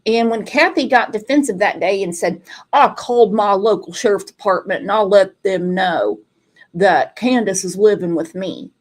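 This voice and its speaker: A woman's voice: medium pitch, normal speed. A woman, a true crime commentator telling sarcastic, profane stories in casual chat. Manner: salty, sarcastic storytelling with swearing.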